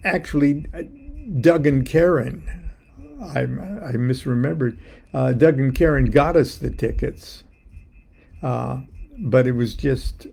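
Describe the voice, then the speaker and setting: A man's voice: mid-range voice, vocal fry, mellow, breathy edge. A man telling a personal story in a casual, rambling way, with many fillers and restarts, and now and then acting out the voices in it. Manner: playful, acting out announcements and voices. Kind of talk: casual spoken anecdote.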